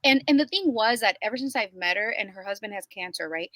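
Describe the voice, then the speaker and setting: A woman's voice: medium pitch, animated, fast, a bit bright, dry recording. A woman who owns a small business, telling a story as a guest in a casual interview and acting out the dialogue dramatically.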